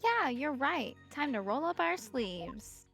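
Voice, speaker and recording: A woman's voice: sits high, big pitch swings, slow, gravelly, fairly bright tone, soft background music, heavily acted. A woman voicing an upbeat young female lawyer assistant in a fan voice acting of a game, sweet and teasing.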